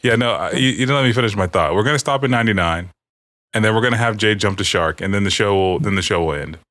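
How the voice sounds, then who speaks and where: Low-voiced joking man hosting a podcast. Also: quick pace, fairly bright tone, no echo, clean studio sound. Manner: jokey, rambling, laughs often. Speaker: podcast host. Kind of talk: casual podcast banter.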